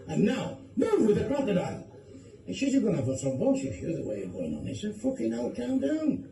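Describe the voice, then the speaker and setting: A man with a high, gravelly yet warm voice tells bawdy jokes at a fairly quick pace, his pitch swinging hugely as he swears freely and slips into different character voices. He was filmed on a phone from a distance in an echoey room.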